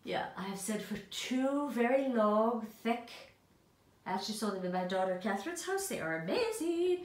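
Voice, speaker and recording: A woman's voice: a little high, expressive, normal speed, echoey room. An older woman, a doll collector, chatting in a rambling, affectionate way, a little breathless. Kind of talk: casual chatty vlog. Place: room in her apartment.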